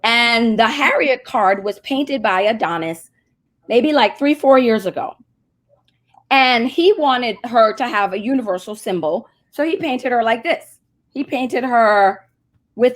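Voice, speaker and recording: A woman's voice: on the high side, unhurried. A woman, a marketing agency CEO, telling a story as a guest in a casual interview and acting out the voices she quotes. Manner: animated, acts out quoted voices.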